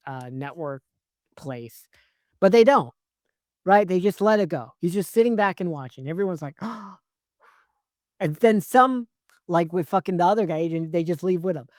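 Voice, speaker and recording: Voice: mid-range voice, clean tone, no echo, studio quality. A film reviewer in a vlog, ranting sarcastically with lots of swearing and rambling filler words. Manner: profane, sarcastic, exasperated rant; rambling, heavy use of "like" and "right?". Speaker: movie reviewer.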